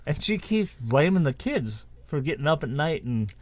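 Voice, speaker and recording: A man's voice: a little high, big pitch swings, normal speed, a crowd in the background. A man co-hosting a show, telling a spooky story in a casual, rambling way with many restarts and asides. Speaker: co-host.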